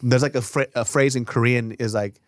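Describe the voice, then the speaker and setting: A man's voice: mid-range voice, steady tone, a little fast. A man co-hosting a casual comedy podcast, joking and swearing in a playfully aggressive way. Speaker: podcast co-host.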